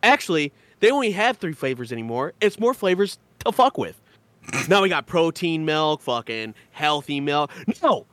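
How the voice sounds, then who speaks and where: A man's voice: fairly high pitch, sing-song, moderate pace, a bit bright. A man from Michigan co-hosting a podcast, joking and swearing in a mock-outraged way, often laughing. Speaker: podcast co-host. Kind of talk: casual comedic rant.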